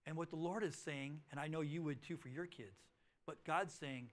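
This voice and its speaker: High-voiced pastor preaching a sermon. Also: male voice, moderate pace. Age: middle-aged. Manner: storytelling, swings from loud emphasis to hushed. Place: church auditorium.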